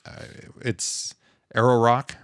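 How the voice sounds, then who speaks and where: A middle-aged man hosting a podcast, talking in a relaxed, halting way with many pauses and restarts. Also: mid-range voice, smooth, dry recording, studio quality. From Idaho. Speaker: podcast host. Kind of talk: casual podcast chat.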